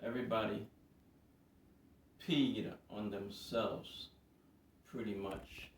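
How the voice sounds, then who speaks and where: A man telling a story in a casual, animated way to a camera, repeating words for emphasis. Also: on the low side, slow pace, gravelly, a little hiss or hum. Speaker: vlogger. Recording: roomy, distant from mic.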